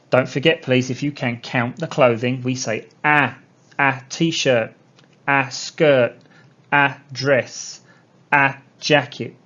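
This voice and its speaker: Guy teaching kids english, slow and careful, says stuff twice, kinda muffled lo-fi audio. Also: mid-range voice, fairly bright tone. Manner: slow, deliberate explaining with repeated words. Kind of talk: recorded classroom lesson for young learners. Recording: dull lo-fi sound.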